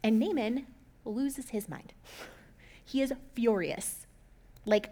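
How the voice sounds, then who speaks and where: A woman with a slightly high voice tells an old story in a relaxed, chatty way. She drops in sarcastic asides and slips into quick voices for the characters. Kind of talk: casual Bible story retelling.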